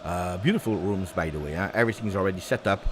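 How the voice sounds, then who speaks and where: A fast-talking man hosts a live football watch-along, chatting with viewers and reacting to the match over background noise. He is excitable, shifting from low asides to loud, shouting celebration.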